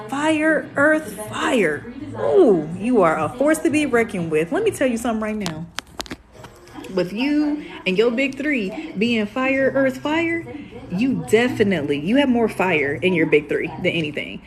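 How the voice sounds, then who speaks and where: A young woman, hosting a casual astrology live stream in a sassy, animated way. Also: fairly low pitch, normal speed. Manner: sassy, animated, calls viewers "baby".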